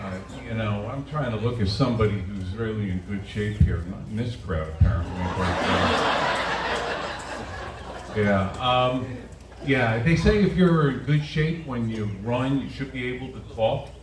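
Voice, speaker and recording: Speaking a little slowly in a fairly low register, this sixty-something comic pokes fun at himself before a live audience at a winery. The sound comes from a distant camera mic on a tripod at the back, so the room echoes and the crowd is audible.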